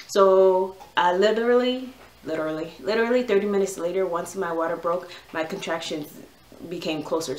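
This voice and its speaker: A young woman vlogger with a fairly low voice tells a long personal story in a chatty, casual way, packed with "like" and "yo". The audio is poor, with an echoey room and slight background noise.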